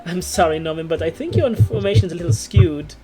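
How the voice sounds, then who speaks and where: A proper, guarded librarian woman speaks in a polite, formal tone with a curt edge, as a man puts her on for a tabletop game. The voice sits a little high. Guitar music plays clearly behind her. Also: fast, close to an everyday voice.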